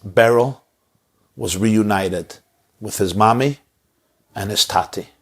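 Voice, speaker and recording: A man's voice: lowish voice, slow. A man telling a story as a sermon, dramatic and repetitive in his phrasing. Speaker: inspirational speaker.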